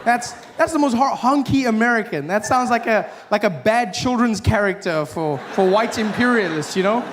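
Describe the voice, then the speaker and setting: A man performing a stand-up routine, animated and acting out other people in shifting voices. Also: high voice, normal speed. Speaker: stand-up comedian. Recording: live stage with audience noise.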